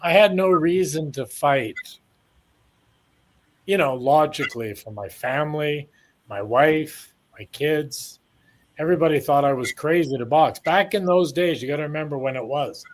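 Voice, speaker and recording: A fairly high-pitched voice with lively intonation comes from a Canadian former boxer in his sixties, speaking at normal speed. He tells long, rambling stories in a casual interview, acting out what others said.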